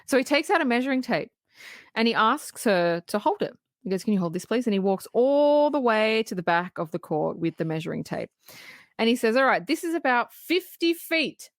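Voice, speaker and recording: A woman co-hosting a podcast, casually recapping a film in animated detail, acting out the characters' lines and swearing freely. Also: medium pitch, brisk, dry recording, studio quality. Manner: animated storytelling, acting out quoted lines, frequent laughs and swearing. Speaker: podcast co-host.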